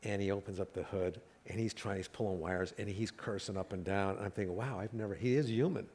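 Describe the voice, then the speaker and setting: Fast and fairly low-pitched, with a darkish tone and slight background noise, this is a middle-aged comedian guest on a live talk event stage. He tells stories conversationally, laughing at his own jokes and acting out quotes.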